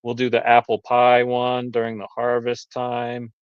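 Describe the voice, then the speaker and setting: A man's voice: medium pitch, monotone, unhurried, smooth, no room sound. A man who keeps bees and sells honey, chatting casually on a live stream over a video call, explaining his products in detail. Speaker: beekeeper selling honey. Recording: dull lo-fi stream audio.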